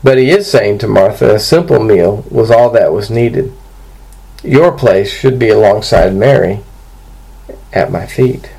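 A man preaching an expository sermon to his congregation, earnest and steady, walking through scripture verse by verse. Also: fairly low pitch, measured pace, vocal fry, husky, low-quality recording. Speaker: pastor.

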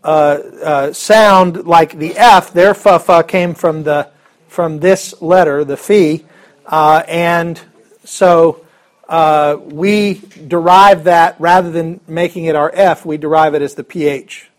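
A man's voice: on the high side, fairly even intonation, slow pace. A man teaching a Bible class in a casual, joking way, chuckling often and restarting his sentences.

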